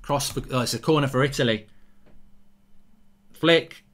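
An English man hosting a live football watchalong, reacting excitably and swearing freely at the match. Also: medium pitch, a little slow. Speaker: YouTube football host.

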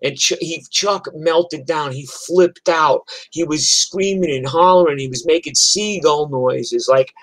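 A man's voice: fairly high pitch, measured pace, hardly any pauses, fairly bright tone, no room sound, low-quality recording. Profane rambling New York storyteller man. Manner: rambling, profane, chatty with restarts. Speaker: musician telling stories on a livestream. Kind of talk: casual storytelling.

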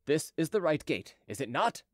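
A sharp-tongued envoy in his middle years, quick to anger and dripping with sarcasm, as a man reads him in an audiobook. The voice sits high and swings widely. The sound is close and dry. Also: sing-song, dry recording. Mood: exasperated. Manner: exasperated, sardonic. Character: cunning middle-aged male royal envoy, quick-tempered.

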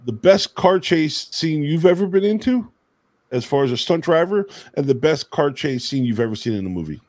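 Stand-in male interviewer, a little high, close and dry, loose and jokey. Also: animated, normal speed, a little mellow, dry recording, soft background music. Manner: joking, loose, swears casually. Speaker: guest interviewer. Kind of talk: casual chat.

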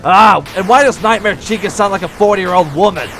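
A man's voice: high-pitched, fairly quick. A man voicing a brash male animatronic pirate fox, playing a game in pirate talk and losing his temper. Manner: pirate talk, hot-tempered, loud outbursts. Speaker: let's play gamer in character.

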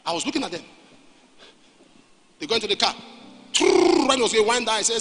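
Animated Nigerian preacher in a hall. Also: male voice, high-pitched, brisk, pauses often. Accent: Nigerian English. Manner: animated, repeats phrases for emphasis. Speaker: pastor. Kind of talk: storytelling sermon. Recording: reverberant hall, faint noise.

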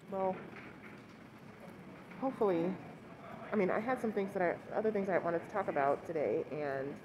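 A woman vlogs outdoors while she waits for a cab. She talks in a loose, rambling way and sighs often. Loud wind noise rumbles over the phone recording. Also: unhurried, long pauses. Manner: rambling and chatty, with frequent sighs. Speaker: vlogger. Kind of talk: casual vlog chat to camera.

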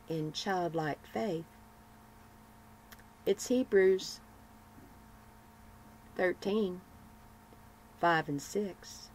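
Woman, devotional sermon, slow measured reading, mid-pitched, emphatic repetitions. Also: low-quality recording. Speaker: devotional broadcaster.

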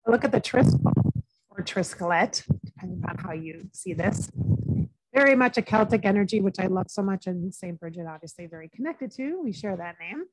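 A woman psychic medium talking in a soft, confiding way in a chatty spiritual vlog. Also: mid-range voice, lively intonation, normal speed, husky, no room sound. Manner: soft and confiding, breaking into laughs.

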